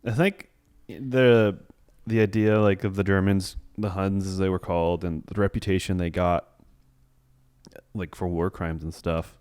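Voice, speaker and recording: A man's voice: low-pitched, steady tone, unhurried, darkish tone, clean tone, no echo. A man co-hosting a casual film podcast, rambling and hesitant as he works through his thoughts. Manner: rambling, hesitant, lots of fillers and restarts. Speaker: podcast co-host. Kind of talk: casual film review chat.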